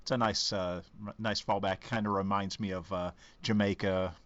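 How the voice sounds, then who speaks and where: A man co-hosting a podcast in casual chat, talking haltingly with many restarts. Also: deep voice, flat delivery, a bit bright, no echo, highs cut off. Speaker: podcast co-host.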